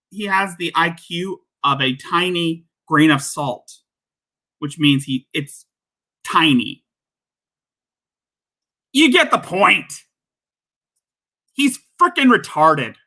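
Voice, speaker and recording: A man's voice: fairly high pitch, sharp tone. A male livestream host giving casual, mocking commentary on a clip. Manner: mocking, ranting.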